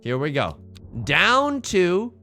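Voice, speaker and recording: A man's voice: high-pitched, huge pitch swings, slow pace, vocal fry, bright, forceful tone, soft background music. A man streaming a game, joking around and reading the game's text aloud in silly voices. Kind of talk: casual game commentary.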